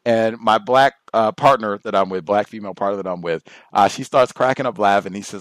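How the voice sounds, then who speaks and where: A man's voice: fairly low pitch, fairly quick, no room sound. A man hosting a podcast, telling a personal story in a casual monologue and acting out the other people in it. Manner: conversational, animated when quoting others. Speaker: podcast host.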